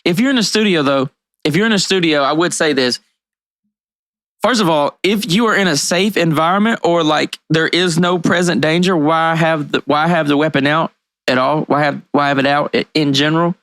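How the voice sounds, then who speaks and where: A man's voice: fairly high pitch, moderate pace, fairly bright tone, no room sound. A man co-hosting a podcast in casual chat, explaining things in a laid-back, profane way. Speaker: podcast co-host.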